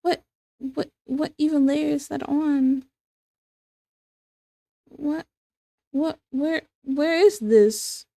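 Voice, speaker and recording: Young woman rambling while she draws on stream, slow and unhurried, dry close sound, lots of likes and ums. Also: high-pitched, vocal fry, warm tone, no echo. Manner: rambling, filler-heavy, breaks into laughter. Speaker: streamer and illustrator. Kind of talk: casual chat while drawing.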